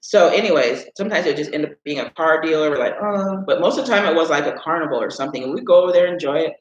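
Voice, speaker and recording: A man's voice: on the high side, animated, very fast. Rambling man telling stories, echoey room. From Illinois, USA. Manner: rambling, with frequent "anyways" and "right?". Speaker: live stream host. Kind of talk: casual storytelling. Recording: echoey room, dull sound.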